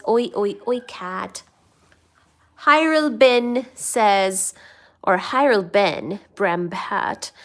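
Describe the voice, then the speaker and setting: A woman streams live from an upstairs room at home, unhurried and chatty. Her voice sits on the higher side, and she reads out each viewer's name and comment as it arrives. Between comments she drifts into cooing at her cats. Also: clear, resonant tone. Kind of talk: casual live stream chat.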